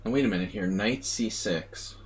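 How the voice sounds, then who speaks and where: Streaming a chess simul, an American man thinks aloud at a normal speed in a lowish voice. His live commentary is muttered and self-mocking.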